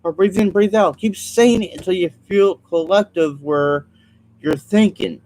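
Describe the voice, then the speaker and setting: A man's voice: sits high, unhurried, rough recording. Earnest rambling man vlogging. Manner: earnest, repetitive, apologetic, trailing off with ums. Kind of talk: rambling solo vlog monologue.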